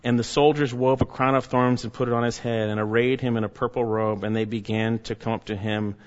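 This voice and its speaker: A man preaching a sermon, pressing each phrase slowly and letting it sink to a hush at the end. His voice rings with a long hall echo, and the recording sounds dull and lo-fi. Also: mid-range voice, steady tone. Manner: slow, emphatic preaching that drops quiet at phrase ends.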